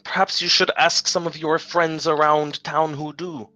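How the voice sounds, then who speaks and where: A man voicing a calm, polite male gunslinger in a tabletop game, speaking courteously with a wry edge. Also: a little high, normal speed, no room sound, soft background music, pitched above the performer's own voice. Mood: persuasive.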